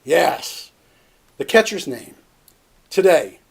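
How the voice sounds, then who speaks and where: A woman voicing a calm, patient man who answers questions in low, matter-of-fact tones in a solo comedy routine. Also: slow, gravelly, slightly rough, full character voice.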